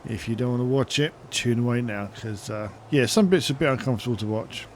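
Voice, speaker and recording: A man's voice: mid-range voice, quick pace, slight background noise. A man giving casual, chatty gameplay commentary, thinking aloud as he plays. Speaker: gaming channel host.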